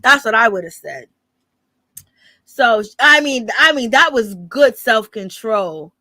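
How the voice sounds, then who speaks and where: A woman's voice: a little high, expressive, slow pace, sharp tone, no echo. A woman hosting her channel, giving rambling, blunt and profane live gossip commentary. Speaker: channel host.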